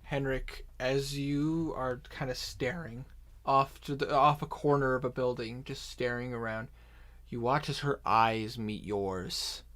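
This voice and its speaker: A man narrates a tabletop game as its dungeon master, in an easy voice of middling pitch. He paces himself slowly and often stops to rephrase mid-sentence. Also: steady tone, a bit bright. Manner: unhurried narration with many restarts and asides.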